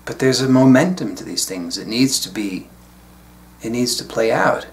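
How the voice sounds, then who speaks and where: A man speaking as a spiritual teacher in a solo video talk, reflective and unhurried with casual asides. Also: mid-range voice, animated, gravelly.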